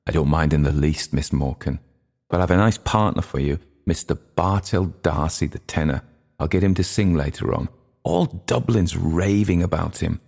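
A man's voice: deep voice, normal speed, creaky, a little mellow. A man voicing an elderly woman, a fussy and anxious hostess at a party. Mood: chatty.

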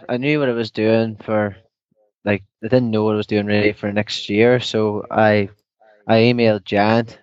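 A softly spoken young man with a Northern Irish accent, chatting casually as an interview guest and laughing easily. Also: lowish voice, dry recording. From Northern Ireland. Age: young adult. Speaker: guest, downhill mountain bike racer. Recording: dull lo-fi remote line.

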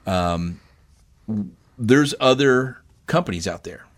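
A man co-hosting a podcast chats casually in a rambling way, joking about bourbon. His mid-range voice is expressive and his pace slow.

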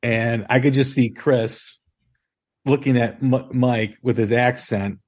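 A man hosting a casual music podcast, talking in a relaxed, rambling way with many ums and restarts. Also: mid-range voice, slow. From Chicago area. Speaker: podcast host.

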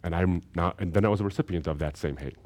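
Low-voiced man giving an emphatic lecture. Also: quick pace, a little mellow. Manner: emphatic, repeats key phrases for effect. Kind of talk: recorded seminary lecture.

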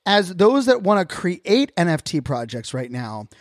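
A man's voice: sits high, very animated, unhurried, no echo, clean studio sound. A man hosting a casual solo podcast, talking earnestly and reflectively in loose, self-correcting sentences. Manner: earnest, openly reflective, talks in loose restarts. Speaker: podcast host.

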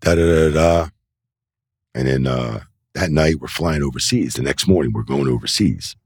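With a rumbling low voice that has a breathy edge, a middle-aged man speaks at a moderate pace with no room sound. He's a wrestling referee on an indoor interview set, casually telling loose, animated stories, imitating quoted voices and using plenty of "you know" and "like."

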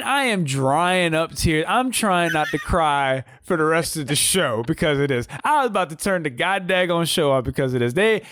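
A man co-hosting a casual wrestling talk show. He speaks in an animated, slangy way and often repeats his words. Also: a little high, no echo, clean studio sound. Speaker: wrestling podcast co-host. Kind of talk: casual commentary chat.

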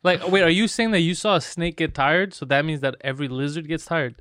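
Brief: man co-host, jokey storyteller, slightly higher pitch, dry sound. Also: a little fast, a bit bright, smooth, dry recording. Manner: joking, teasing, acts out silly quotes. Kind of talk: casual chat.

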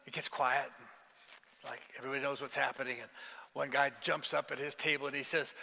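A man preaching a lively sermon to a church congregation, telling a joke and calling for responses from the listeners. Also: on the high side, fairly quick, gravelly. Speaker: pastor. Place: large church hall. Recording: long hall reverb.

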